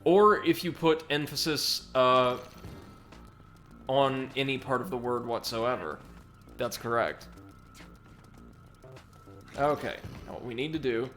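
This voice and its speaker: A man's voice: mid-range voice, slow, pauses often. Male let's play host, casual and self-correcting, medium voice, light music bed. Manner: chatty, self-correcting, excitable. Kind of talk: casual gameplay commentary with chat reading.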